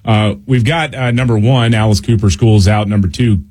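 A man co-hosting a radio talk show, relaxed, reading a list and taking calls. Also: on the low side, normal speed. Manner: relaxed, takes calls, reads lists. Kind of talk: casual radio banter.

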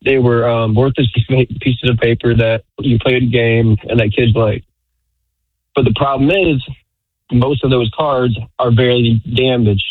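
A man's voice: mid-range voice, steady tone, dry recording. Hesitant male caller on a phone line. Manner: hesitant, halting with ums. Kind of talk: call-in conversation.

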